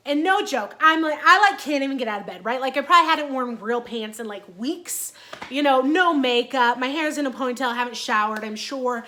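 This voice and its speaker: A woman's voice: high-pitched, lively intonation, a little fast, sharp tone. A woman in her thirties talking in a casual personal vlog, chatty and earnest with many fillers. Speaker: vlogger.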